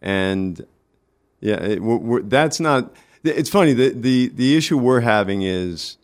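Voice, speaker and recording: A man with a New York accent, a guest on a casual radio interview, talking in halting bursts with many restarts. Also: medium pitch, animated. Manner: halting, restarts often, friendly. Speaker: community organizer guest.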